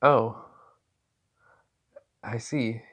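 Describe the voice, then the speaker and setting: A man voicing a hot-tempered, easily flustered young female mage in an amateur fan story, with high indignant exclamations. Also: fairly even intonation, drawn-out words, a bit bright, dull audio.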